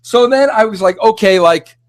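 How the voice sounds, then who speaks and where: A middle-aged man hosting a podcast, ranting in a rambling, excitable way full of restarts and filler words. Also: high voice, unhurried, no echo. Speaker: podcast host. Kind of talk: animated solo rant.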